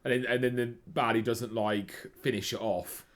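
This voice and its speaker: A man's voice: medium pitch, steady tone, normal speed. A man co-hosting a casual film review chat, talking hesitantly with many restarts. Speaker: podcast co-host.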